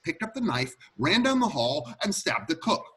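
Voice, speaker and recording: A man reading the part of an excitable butler who explains a murder solution in an amateur script read-through, telling it in an animated, theatrical way. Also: on the high side, moderate pace.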